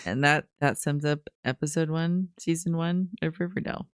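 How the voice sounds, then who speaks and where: Smooth-voiced podcast co-host, dry and blunt. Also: medium pitch, normal speed, no room sound. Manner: dry, blunt one-word character summaries. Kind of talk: casual chat.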